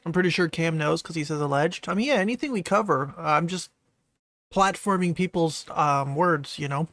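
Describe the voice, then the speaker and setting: A man streaming and reacting to a video, with a fairly high, gravelly voice. He talks in a laid-back, offhand way and reads chat messages aloud. The sound is close and dry. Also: normal speed, a bit bright, no room sound. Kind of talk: casual live-stream commentary.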